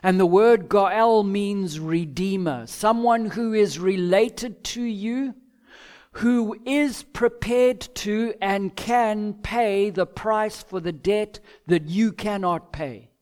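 A man preaching an expository sermon, measured, with emphatic pauses and acted-out quotes. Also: high voice, darkish tone, smooth. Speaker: pastor.

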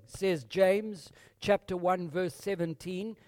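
A man's voice: fairly high pitch, lively intonation, takes it slowly, darkish tone, dry recording, studio quality. A man preaching a sermon, reading scripture with rising emphasis and calling his listeners folks. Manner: addresses congregation as folks.

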